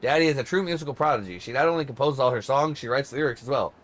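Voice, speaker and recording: A man's voice: mid-range voice, natural voice. A man reading as a formal male secretary. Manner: formal, measured, explanatory.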